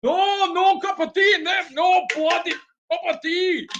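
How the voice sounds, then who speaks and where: A man voicing an exasperated Scottish woman who shouts and swears about broken things in a high, frantic voice. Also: steady tone, a little slow, dull audio, noisy background.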